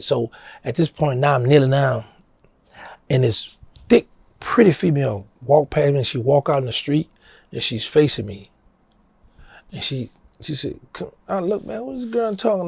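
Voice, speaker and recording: Man, middle-aged, New Orleans accent, gravelly, husky, lively storyteller. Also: no echo. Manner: animated storyteller, acting out quotes in a higher voice. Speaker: interview guest. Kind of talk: casual storytelling.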